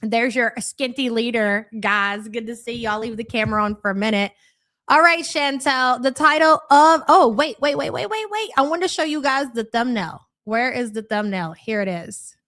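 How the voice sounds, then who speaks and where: A woman's voice sitting a bit high in pitch, trading in crude, profane mockery. She hosts a live reaction stream and keeps up a loose, chatty patter while reading out her viewers' comments. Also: animated, moderate pace, fairly bright tone. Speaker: livestream commentary host.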